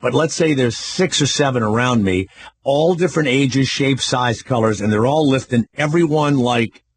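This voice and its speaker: An older man hosting a talk radio show, telling a story in a loud, animated way and acting out what people said. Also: mid-range voice, normal speed, slight background noise. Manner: animated storyteller, acts out quotes.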